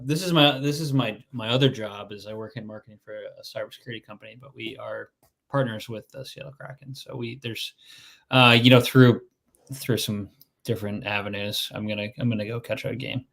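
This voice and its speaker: A man's voice: medium pitch, moderate pace, gravelly. A man co-hosting a sports betting podcast who rambles casually and hesitates, with lots of fillers. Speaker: podcast co-host. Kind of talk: casual chat.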